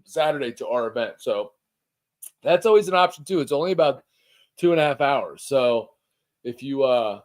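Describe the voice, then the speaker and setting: A man's voice: mid-range voice, expressive, moderate pace, long pauses. A man co-hosting a casual live stream about motorcycle rallies, joking and teasing as he talks. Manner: joking, teasing, loose swearing. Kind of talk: casual chat.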